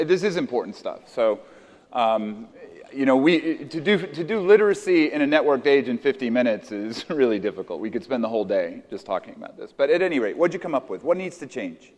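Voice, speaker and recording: A man's voice: mid-range voice, darkish tone. An American man presenting at a teachers' conference in a casual, interactive way, repeating audience answers back and restarting sentences often. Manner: conversational, echoes audience answers, many restarts. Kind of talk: interactive workshop talk with teachers.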